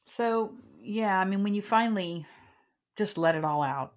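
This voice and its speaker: A woman host gently prompting her guest during an interview. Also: medium pitch, animated, unhurried.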